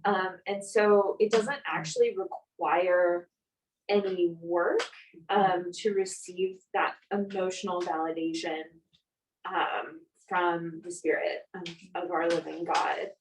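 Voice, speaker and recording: Slow, halting woman sharing a testimony. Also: lowish voice, little pitch movement. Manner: slow, halting, many pauses and fillers. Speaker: group member sharing a testimony. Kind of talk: personal testimony in casual chat. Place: live church gathering in a room. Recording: distant mic with faint noise.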